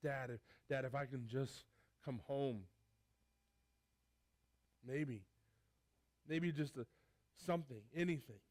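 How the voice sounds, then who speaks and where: A man voicing a remorseful young man pleading with his father in halting, stammered words. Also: mid-range voice, a little mellow, no echo, voice pushed up, natural voice.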